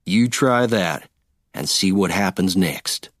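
A man voicing an easygoing cowboy adventurer, calm and firm. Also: deep voice, takes it slowly, dry recording, studio quality, voice pushed down, full character voice. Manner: laid-back drawl, calm and firm.

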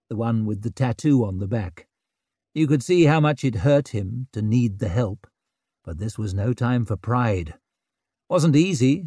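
A man narrating an audiobook in a measured, wry storytelling manner. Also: mid-range voice, mellow, no room sound, studio quality.

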